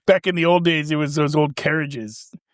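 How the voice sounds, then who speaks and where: A man's voice: fairly high pitch, a little fast, dry recording, studio quality. A man in his forties co-hosting a casual chat, rambling, trailing off mid-sentence and laughing often. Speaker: podcast co-host.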